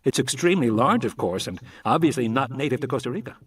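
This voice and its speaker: A man's voice: medium pitch, lively intonation, quick pace, a bit bright, slightly rough, recorded from a distance. A man reading as a chatty, evasive scientist. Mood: explaining. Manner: talkative and explaining.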